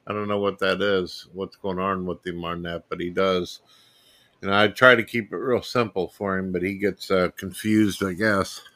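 A man's voice: deep voice, steady tone, moderate pace, pushed and bright. A man hosting a casual talk show, blunt and plain-spoken as he chats with a guest. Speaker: host. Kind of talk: casual chat.

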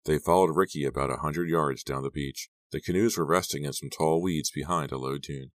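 A man narrating an audiobook in a measured, even storytelling manner. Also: rumbling low, no room sound, clean studio sound.

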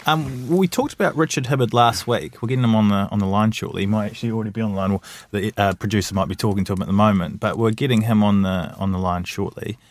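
Quick, low-voiced man running the talk. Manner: steers conversation, asks questions. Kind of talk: casual chat.

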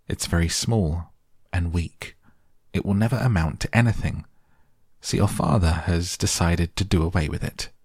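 A man voicing a farm mother who speaks briskly and matter-of-factly. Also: low-pitched, a little mellow, slightly rough, dry recording, clean studio sound.

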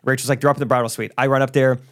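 Young male podcast co-host, casual storyteller, animated when quoting people. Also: medium pitch, rapid-fire. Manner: storytelling, excitable, acts out quotes. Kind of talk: casual chat.

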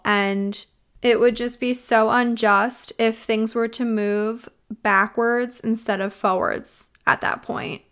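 A young adult woman hosting a true crime podcast, speaking earnestly and reflectively with many pauses. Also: fairly high pitch, fairly bright tone, clear, resonant tone. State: choked up with emotion. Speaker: podcast host.

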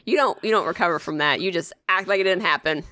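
A woman's voice: on the low side, fast, bright, forceful tone, no room sound, studio quality. A young woman co-hosting a podcast, telling rambling, profane stories in casual chat with lots of fillers. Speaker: podcast co-host.

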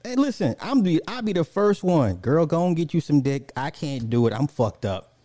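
A man's voice: fairly high pitch, big pitch swings, moderate pace, dark tone, no echo. A man chatting casually on a live stream, reading out viewer comments and ranting, laughing often and swearing freely.

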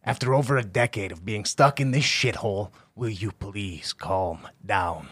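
A man's voice: fairly low pitch, moderate pace, a bit bright, no echo. A man playing a tabletop role-playing game, exasperated and swearing freely in banter with the table. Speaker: player.

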